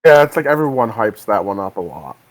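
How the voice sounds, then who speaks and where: A man's voice: fairly low pitch, big pitch swings, fairly quick, no echo, poor audio. Hesitant man in casual podcast chat. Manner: hesitant, restarts and hedges often. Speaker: podcast co-host.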